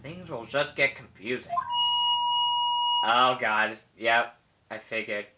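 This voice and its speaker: A woman's voice: very deep voice, slow, very noisy. Rambling woman gaming commentator. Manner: amused, rambling. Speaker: let's play host. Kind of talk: casual gameplay commentary. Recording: game music underneath. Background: game music.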